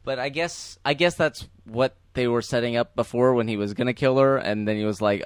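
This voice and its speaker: A man's voice: medium pitch, fairly quick, few pauses, clean tone, no echo, clean studio sound. A man in a casual movie discussion, explaining his point thoughtfully with small hesitations.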